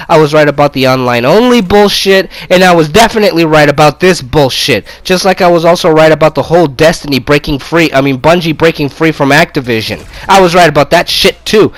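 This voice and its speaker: A man, a gaming video creator, delivering an angry, profane rant to camera. He gloats loudly and stumbles into strings of stammered fillers. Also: on the high side, dry recording, poor audio.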